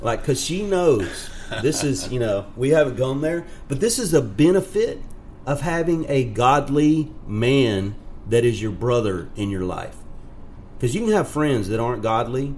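A man's voice: medium pitch, animated, unhurried, a little mellow, slight background noise. A man, a podcast guest, speaking earnestly in casual chat.

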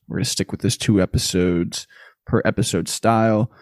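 A man's voice: on the low side, fairly even intonation, moderate pace, no echo, studio quality. A man hosting a casual podcast, chatting loosely with some swearing and closing with show plugs. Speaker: podcast host.

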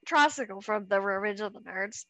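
A woman co-hosting a casual podcast chat, agreeable and quick to back others up. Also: medium pitch, bright, forceful tone, dry recording. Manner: agreeable, lots of short assents. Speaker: podcast co-host.

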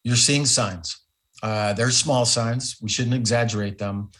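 A man's voice: mid-range voice, fairly even intonation, a little slow, a bit bright. A middle-aged man, a former ambassador, answering radio interview questions in a thoughtful, emphatic way. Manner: thoughtful, emphatic, with fillers and restarts.

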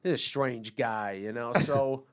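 A middle-aged man telling a story in casual chat, animated and profane, acting out the voices of the people in it. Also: mid-range voice, unhurried, clear, resonant tone. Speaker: guest.

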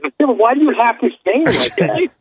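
A man's voice: very high-pitched, expressive, fairly quick, slightly rough, no room sound. A man co-hosting a podcast, pushing back skeptically in casual chat. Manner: skeptical, challenging. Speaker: podcast co-host. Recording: tinny phone-like sound.

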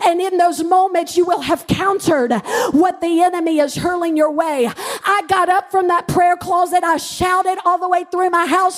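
Very high-voiced fervent woman pastor preaching. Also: steady tone, normal speed. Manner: fervent, builds to shouted declarations; personal storytelling with humour. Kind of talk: sermon.

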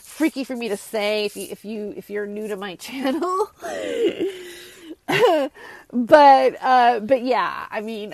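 Woman host, casual solo monologue, rambling with restarts, gravelly, dry close mic. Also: mid-range voice, dry recording, rough recording. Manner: rambling, with many restarts and asides. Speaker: channel host.

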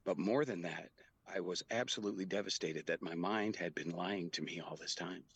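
A middle-aged man, a guest telling a personal story in an earnest, halting way. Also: sits low, creaky, fairly bright tone, breathy edge. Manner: earnest, halting, with quoted dialogue.

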